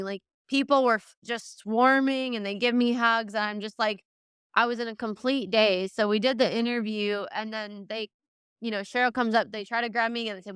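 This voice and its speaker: A woman's voice: on the high side, steady tone, a little fast, fairly bright tone, smooth, no room sound, studio quality. A young woman, a horse trainer, tells a podcast interviewer a long, emotional story in a rambling way, full of fillers like "like" and "you know". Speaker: guest, reining horse trainer.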